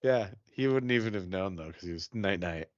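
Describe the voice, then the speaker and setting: A man co-hosting a podcast in casual banter, animated and emphatic, swearing often. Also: low-pitched, brisk, no echo, lo-fi sound. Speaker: podcast co-host.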